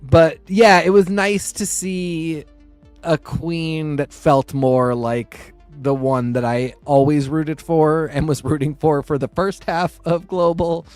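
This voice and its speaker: A man's voice: fairly high pitch, steady tone, takes it slowly, darkish tone, dry recording, faint music behind. A man co-hosting a podcast in casual chat, thoughtful and hesitant with frequent restarts. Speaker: podcast co-host.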